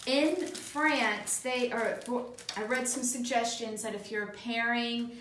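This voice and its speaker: A woman co-hosting a wine podcast, reacting quickly with short tasting remarks and frequent laughs. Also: fairly high pitch, steady tone, a bit bright, a little hiss or hum. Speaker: podcast co-host. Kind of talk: casual wine tasting chat. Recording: echoey room, mic at a distance.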